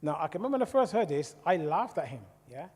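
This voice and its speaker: A man's voice: on the high side, big pitch swings, fast, darkish tone, breathy edge. A man from the West Indies giving a conversational testimony to a church congregation, often asking the audience questions. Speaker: church speaker. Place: church hall. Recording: long hall reverb.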